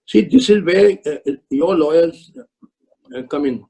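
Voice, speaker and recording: Casting note: older retired judge, firm and lecturing, high voice with a dark husky tone. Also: male voice, a little slow, poor audio. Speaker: retired Supreme Court judge speaking to law students. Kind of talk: webinar answers to student questions. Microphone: video call.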